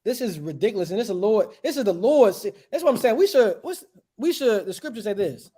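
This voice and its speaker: A man preaching with a lively, swooping voice that jumps high and drops low. He fires off rhetorical questions and waits for agreement. His delivery is emphatic and insistent. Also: fairly quick. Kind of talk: street sermon.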